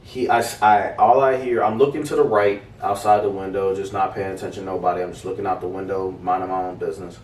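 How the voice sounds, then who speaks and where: Young male co-host, casual storyteller, swears a lot, a bit low-pitched, heard far off in a roomy space. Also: quick pace, few pauses, a little hiss or hum. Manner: animated, swearing, acts out quoted voices. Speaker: podcast co-host. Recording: roomy, distant mic.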